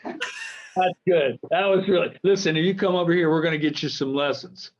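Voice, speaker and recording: A man's voice: a little high, moderate pace. Joking American man on a dull call line. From United States. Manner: jokey, rambling, self-interrupting. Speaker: guitar company founder, guest. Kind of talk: casual video-call interview. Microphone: video call. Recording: dull lo-fi video-call audio.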